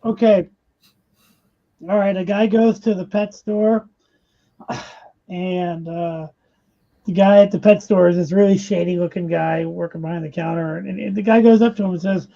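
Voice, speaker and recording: Gravelly high-voiced man, distant muffled audio. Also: fairly even intonation, normal speed, pauses often, warm tone. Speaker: guest telling a joke. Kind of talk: casual joke telling.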